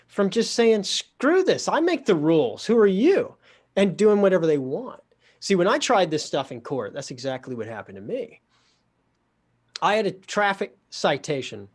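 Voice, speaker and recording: A man telling a story in a wry, animated way, acting out the dialogue. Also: a little high. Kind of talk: storytelling in a conversation.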